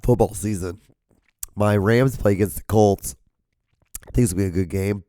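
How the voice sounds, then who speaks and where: Hoarse young man rambling. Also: on the low side, moderate pace, mellow, no echo. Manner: rambling, filler-heavy, slight upspeak. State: hoarse, sore voice. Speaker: podcast host. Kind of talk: casual solo rambling. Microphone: camera mic, solo filming.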